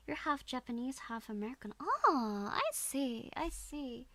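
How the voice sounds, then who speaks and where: Young dutch-accented streamer girl, rambly and giggly, bit of fry, dry close sound. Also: on the high side, animated, unhurried, hardly any pauses, pushed and bright, dry recording. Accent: slight Dutch. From Netherlands. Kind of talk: casual chat reading viewer comments.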